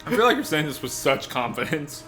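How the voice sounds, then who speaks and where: Male let's play co-host, bright and animated, teasing and playful, faint noise behind. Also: fairly high pitch, fairly quick, soft background music. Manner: playful teasing, laughs often. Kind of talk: casual gaming commentary.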